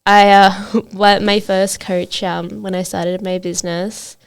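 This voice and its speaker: A woman's voice: mid-range voice, little pitch movement, slow, creaky, clear, resonant tone. A woman hosting a solo podcast as a trades coach, talking in an earnest, motivational way with frequent fillers.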